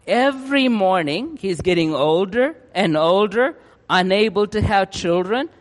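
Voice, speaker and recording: Brief: male preacher, high voice, excited rushed delivery, long hall reverb. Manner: excited, rushing, keeps checking in with "yeah?". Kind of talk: sermon.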